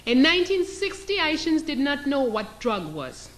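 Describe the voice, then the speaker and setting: Very animated and high-voiced, a woman lectures publicly with fervor at a normal pace, her tone a bit bright. The low-quality recording catches her emphatic delivery, role-played scenes and rhetorical questions.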